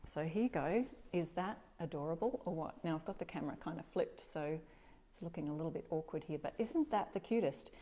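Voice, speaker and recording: A middle-aged Australian woman runs a relaxed DIY live stream from her home workshop, chatting away and greeting viewers by name. Her voice is low, warm and a little quick, though she sounds slightly stuffy and keeps clearing her throat.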